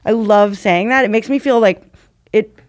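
A woman stand-up comedian with a mid-range voice chats at a moderate pace in a casual podcast conversation. She rambles and reflects on herself, with frequent restarts and fillers.

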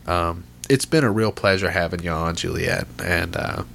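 A man's voice: low voice, steady tone, moderate pace, vocal fry, fairly bright tone, slight background noise. A man hosting a podcast, chatting casually in a rambling, profane, laid-back way. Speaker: podcast host.

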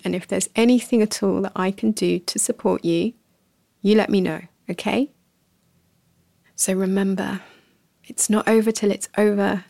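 Soft-spoken woman podcaster, gravelly. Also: mid-range voice, dry recording, studio quality. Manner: soft and slow, sometimes whispering, laughs at herself. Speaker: podcast host. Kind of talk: gentle reflective podcast talk.

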